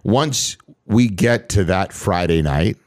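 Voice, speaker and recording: A man's voice: deep voice, lively intonation, slow, a little mellow, no echo, studio quality. A middle-aged man co-hosting a podcast, talking casually with many restarts and reassuring interjections. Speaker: podcast co-host. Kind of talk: casual chat.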